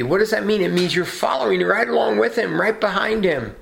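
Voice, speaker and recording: A man's voice: high-pitched, lively intonation, brisk, vocal fry, few pauses, a bit bright. A man preaching a sermon in an earnest, emphatic way, asking rhetorical questions. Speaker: pastor.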